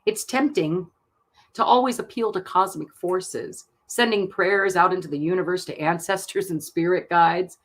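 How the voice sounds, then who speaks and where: A woman giving card readings on a live stream, reading out card texts in a soft, gentle manner and laughing often. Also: lowish voice, moderate pace. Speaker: tarot card reader.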